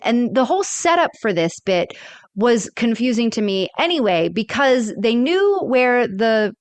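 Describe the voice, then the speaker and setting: A woman co-hosting a podcast, recapping a plot in an animated, casual storytelling way. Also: on the high side, measured pace, dry recording. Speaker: podcast co-host. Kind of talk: casual chat.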